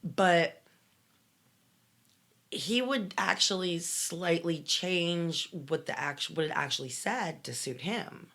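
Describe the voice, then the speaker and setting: A woman co-hosting a podcast as a former cult member, chatting casually and telling animated stories with quoted asides, a little tired. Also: on the low side, slow. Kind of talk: casual chat.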